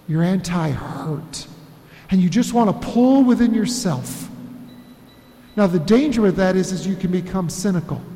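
A man preaching a sermon as pastor, emphatic, repeating phrases and slowing for weight. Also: high voice, a little mellow. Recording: echoey hall with long reverb.

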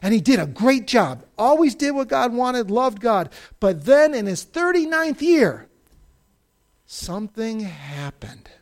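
An animated Bible teacher whose pitch leaps all over as they tell the stories. The delivery swings from loud outbursts to near-whispers, and the pitch sits in a middle range. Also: normal speed, hardly any pauses. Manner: expressive storyteller with big swings between loud and hushed. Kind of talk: animated Bible story lesson.

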